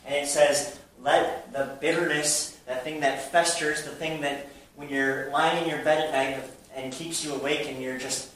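Echoey bright-voiced male preacher. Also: fairly high pitch, unhurried, few pauses. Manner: animated preaching, drops to a hush then bursts loud. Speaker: pastor. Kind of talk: sermon. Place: church hall with an audience. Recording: very echoey hall, mic at a distance.

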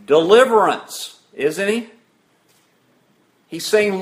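High, lively-voiced preacher asking questions. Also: male voice, slow. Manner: asks the congregation questions and answers them himself; reads scripture aloud with rising emphasis. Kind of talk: sermon.

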